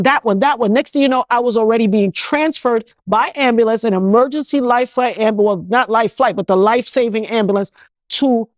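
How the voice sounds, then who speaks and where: A middle-aged woman from New York, an interview guest telling her own story in an animated, indignant way and slipping into other people's voices. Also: on the high side, no room sound. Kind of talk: emotional first-person storytelling.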